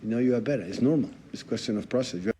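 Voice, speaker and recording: A man from Spain speaking English as a football manager at a press conference, halting and repeating words, with loose grammar. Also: medium pitch, warm tone, a little hiss or hum. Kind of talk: press conference answers in non-native English.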